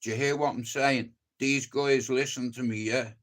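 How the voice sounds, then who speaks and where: A man's voice: medium pitch, fairly even intonation, normal speed, fairly bright tone. An older man with a Dublin accent in a casual livestream monologue, blunt and profane, agitated, stammering over restarts as he tells his story. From Ireland.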